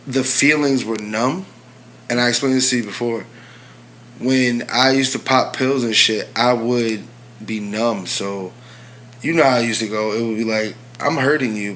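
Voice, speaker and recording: A man co-hosting a casual relationship podcast, candid and confessional, often dropping to a low, quiet tone. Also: slight background noise. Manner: swears freely. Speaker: podcast co-host.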